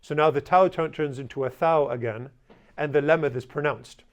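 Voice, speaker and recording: A man's voice: on the high side, normal speed, muffled recording. A male language teacher giving a classroom lesson, blunt and teasing, leading the class in drills.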